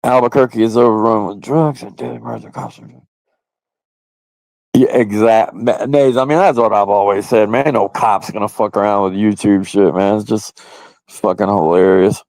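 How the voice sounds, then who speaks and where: A man's voice: lowish voice, steady tone, moderate pace, a little mellow, dry recording. A man hosting a casual livestream, chatting loosely and crudely with viewers and often laughing. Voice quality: gravelly. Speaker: livestream host. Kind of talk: casual live-stream chat with viewers.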